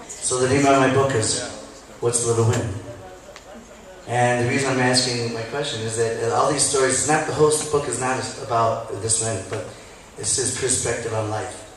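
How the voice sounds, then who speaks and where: Rambling man from the audience, mid-pitched, far off in an echoey room. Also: fairly even intonation, moderate pace, a bit bright, a little hiss or hum. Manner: chatty, storytelling, quotes others. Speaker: audience member asking a question. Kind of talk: rambling personal question. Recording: echoey hall, recorded from far off.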